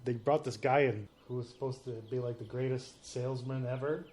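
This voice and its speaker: A man's voice: mid-range voice, steady tone, brisk, a little mellow, a little hiss or hum. A man guest on a podcast, telling rambling funny stories and laughing often. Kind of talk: casual podcast chat.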